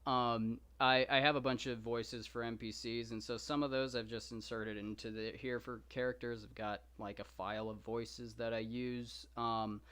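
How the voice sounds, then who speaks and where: A man from Texas chats casually with his viewers and answers their questions. He rambles, fills pauses with asides, and pokes fun at himself. His pitch sits in a middle range. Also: little pitch movement, sharp tone, smooth. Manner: rambling, lots of fillers, self-deprecating asides. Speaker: podcast host reading the Iliad.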